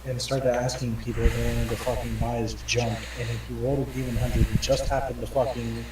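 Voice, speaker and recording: A man's voice: medium pitch, level tone, a little fast. A man playing a tabletop game, telling a crude rambling story full of profanity and acting out the other characters. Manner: profane, rambling, acts out quoted voices. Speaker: player. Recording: roomy and distant with clear background noise.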